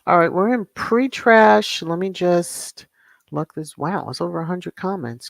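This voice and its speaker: A livestream host chats at an easy, unhurried pace, and the voice has a gravelly fry. The host greets viewers by name, laughs often and reads their comments aloud. The sound is close and dry. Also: mid-range voice, no room sound. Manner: drawn-out, unhurried delivery with frequent fillers. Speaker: channel host. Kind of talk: casual livestream chat, reading viewer comments.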